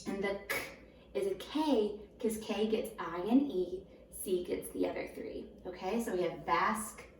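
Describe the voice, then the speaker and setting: A woman's voice: mid-range voice, slight background noise. Woman teacher sounding out syllables. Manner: patient, slow, sounds words out in syllables. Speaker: first grade teacher. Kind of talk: recorded home lesson for young children. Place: home room. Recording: roomy echo, voice a bit far from the mic.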